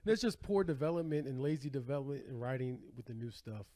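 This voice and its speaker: A man's voice: mid-range voice, expressive, quick pace, dark tone. An easygoing man chatting as a podcast guest, often agreeing and laughing along. His voice sits in a plain middle register. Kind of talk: casual comedic chat.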